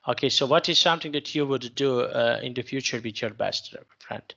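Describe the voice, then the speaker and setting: A male teacher runs an online English lesson in a bright, gravelly voice, patiently restating every question until the student can answer. The sound is dull and lo-fi, like a call recording. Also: mid-range voice, a little fast. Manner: patient, repeats and rephrases questions.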